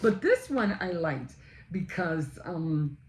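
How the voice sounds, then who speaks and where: A woman with a fairly low voice and lively, swooping pitch chats casually about her reading, retelling scenes in a rambling way full of fillers. The room around her is echoey, with a faint hum of ambience behind. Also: takes it slowly. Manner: chatty storytelling, retelling scenes with many fillers. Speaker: book vlogger. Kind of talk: casual book chat.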